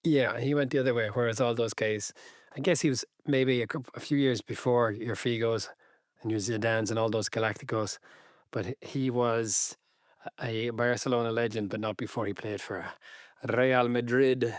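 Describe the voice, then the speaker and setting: A man's voice: medium pitch, fairly even intonation, moderate pace, no room sound, studio quality. A man co-hosting a football podcast, chatting in a laid-back way with wry teasing. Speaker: podcast co-host. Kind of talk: casual football chat.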